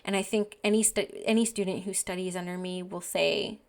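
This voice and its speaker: A woman's voice: fairly low pitch, steady tone, fairly quick. Earnest, chatty woman podcast host. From Canada. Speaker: podcast host and medium teacher. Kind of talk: casual storytelling podcast.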